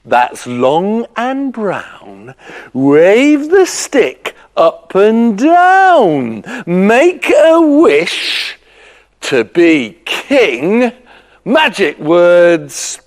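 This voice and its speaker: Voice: medium pitch, wildly swooping pitch, very slow, heavily acted. A presenter playing a bored, simple man who bungles a magic spell in a children's story, sing-song and theatrical. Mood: eager.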